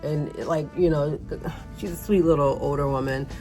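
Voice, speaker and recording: Very low-voiced chatty woman vlogger. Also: fairly even intonation, normal speed, mellow, soft background music. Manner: chatty, storytelling, addresses viewers as y'all. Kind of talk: casual vlog voice-over.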